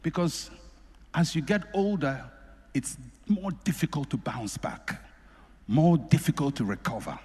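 A man preaching a sermon, repeating phrases for emphasis and swinging between loud and soft. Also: fairly high pitch, sing-song, a little slow, long pauses, husky. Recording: echoey hall with long reverb.

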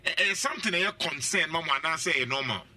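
A man's voice: on the high side, animated, quick pace, sharp tone. A man hosting a radio talk show, pressing his guest with questions and repeating them.

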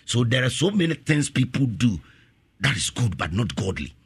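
A man preaching on the radio, repeating scripture lines after a reader and rising to shouted appeals. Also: mid-range voice, very animated, normal speed, husky, dry recording. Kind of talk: call-and-response Bible preaching.

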